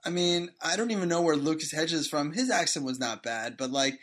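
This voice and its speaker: A podcast co-host from Boston in casual chat, animated and quick to laugh. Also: male voice, on the high side. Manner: animated, laughs often, trails into asides.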